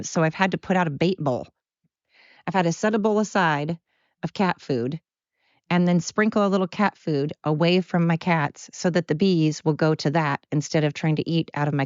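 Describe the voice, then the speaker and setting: A woman's voice: deep voice, no room sound, lo-fi sound. An older woman hosting a casual solo podcast from home, rambling in a chatty, self-talking way. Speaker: podcast host. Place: at home, dog panting nearby.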